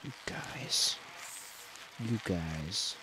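A man's voice: sits low, animated, very slow, noisy background. A young man giving casual let's-play commentary, talking to himself, frustrated and joking as he plays. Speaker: gaming video host.

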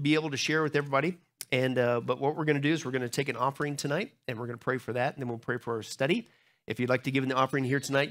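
A man's voice: mid-range voice, fairly bright tone. A man, a pastor, giving church announcements in a loose, joking, chatty way with many fillers. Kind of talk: church announcements before a sermon. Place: church sanctuary.

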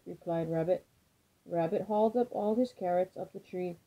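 A woman reading a children's picture book aloud with expressive, lively storytelling. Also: fairly low pitch, moderate pace. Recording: dull lo-fi recording.

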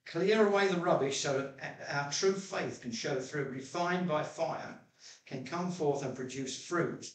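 Pastor preaching in an echoey church. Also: male voice, unhurried. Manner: chatty storytelling preacher, jumps to high pitch when quoting himself. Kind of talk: sermon. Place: church hall. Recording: echoey church room, mic at a distance.

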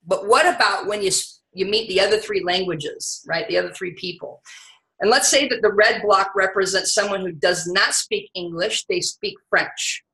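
A woman giving an energetic, conversational sales training talk, often saying "you know". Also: mid-range voice, normal speed, roomy sound, low-quality recording.

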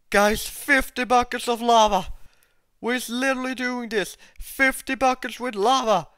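Channel host doing gameplay commentary, excitable and addressing viewers, clean voice in a dry close recording. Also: medium pitch, clean tone, no echo. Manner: excitable, repeats exclamations, talks to viewers.

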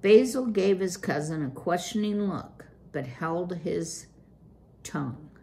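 A woman reading a children's chapter book aloud, slowly and deliberately. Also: lowish voice, lively intonation, warm tone, slight background noise. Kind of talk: read-aloud storytelling.

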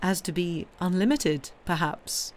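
Woman doing a smooth smug count, cold and teasing. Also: lowish voice, measured pace, slight background noise, close to an everyday voice. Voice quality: smooth, coldly ironic. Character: cool, mocking wealthy nobleman. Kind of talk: reading a novel aloud on a livestream.

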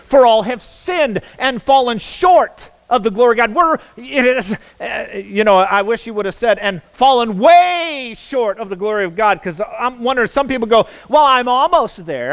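A man's voice: extremely high pitch, fairly bright tone, low-quality recording. A man preaching a sermon as pastor, emphatic, repeating words for stress and asking the congregation questions. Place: church sanctuary.

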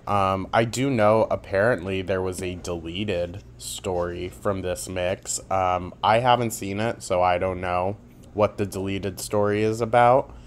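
A man's voice: low-pitched, slight background noise. A man giving a sarcastic, mocking commentary, with plenty of swearing. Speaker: commentary YouTuber. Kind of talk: commentary vlog.

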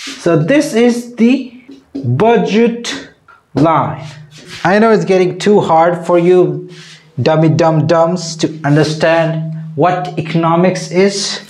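Mock-condescending comic lecturer, unhurried delivery, mid-range voice, roomy echo. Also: medium pitch, a little mellow. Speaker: comedy video creator. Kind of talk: mock-lecturing comedy vlog.

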